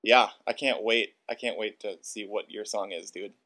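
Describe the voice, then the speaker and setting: A man with an Upper Midwest accent co-hosting a podcast, animated and laughing often as he talks. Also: fairly low pitch, normal speed. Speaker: podcast co-host. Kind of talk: casual podcast chat.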